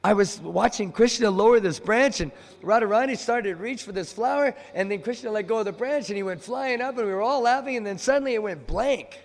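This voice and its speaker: A man's voice: high voice, fairly even intonation, a little fast, vocal fry. A man voicing an anxious, humble male saint who pleads with his elder in breathless run-on sentences. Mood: pleading. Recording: long temple hall reverb.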